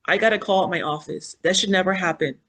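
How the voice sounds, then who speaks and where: A woman in her fifties, a podcast guest, telling her personal story in an animated, earnest way and acting out the things she and others said. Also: fairly low pitch, fast talker. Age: 50s. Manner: animated, acts out quoted dialogue and inner thoughts; spiritual, earnest. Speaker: podcast guest, foundation founder.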